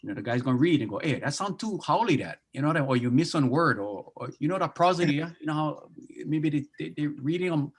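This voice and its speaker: Husky-voiced hawaii pidgin guy, joking around on a video call. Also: fairly high pitch, quick pace, few pauses. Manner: easygoing, joking, mixes Pidgin into English. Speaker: translation project speaker. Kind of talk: casual talk on a video call.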